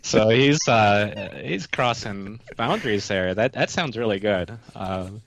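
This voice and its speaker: A man's voice: lowish voice, expressive, slow pace, gravelly, background noise. A man speaking as a guest brewer in a casual chat, easygoing with frequent fillers.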